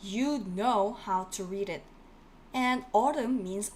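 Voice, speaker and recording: A woman's voice: medium pitch, moderate pace, darkish tone, slight background noise. A woman teaching a Korean class on a live stream, encouraging her students and repeating key words so they sink in. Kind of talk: live-streamed online lesson.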